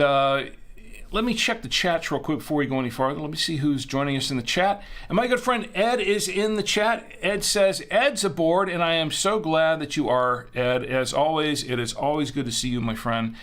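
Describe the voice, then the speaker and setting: A man's voice: a little high, animated, moderate pace, a bit bright. A man hosting a live-streamed show, chatting casually in a rambling way and correcting himself as he goes. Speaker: host.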